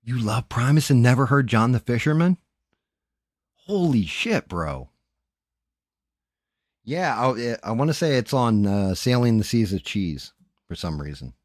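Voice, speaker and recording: A man's voice: medium pitch, big pitch swings, measured pace, long pauses, no room sound, clean studio sound. A man hosting a live stream, chatting casually, cursing freely and often trailing off mid-sentence. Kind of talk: casual chat while painting 3D prints.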